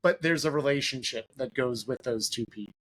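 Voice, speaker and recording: A man's voice: medium pitch, brisk, a bit bright. A young man hosting a podcast, chatting casually with a guest. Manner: casual, conversational, some fillers. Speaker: podcast host. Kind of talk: podcast interview.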